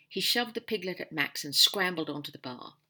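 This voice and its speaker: Woman, audiobook narration, expressive, animated pitch, bright tone. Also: brisk.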